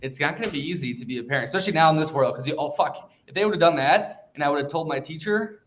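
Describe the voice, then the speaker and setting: A man's voice: on the high side, quick pace, a little hiss or hum. Blunt, profane young man chatting. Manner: blunt, profane, animated storytelling. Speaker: podcast host. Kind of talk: casual podcast chat.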